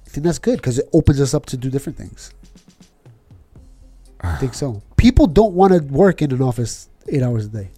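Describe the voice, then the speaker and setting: A man in casual chat, animated and quick to slip into impressions. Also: medium pitch, soft background music.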